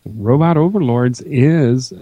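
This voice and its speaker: Podcast guy, easygoing, bit halting, dry mic, mid voice. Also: mid-range voice, warm tone, no echo. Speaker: podcast co-host. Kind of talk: casual chat.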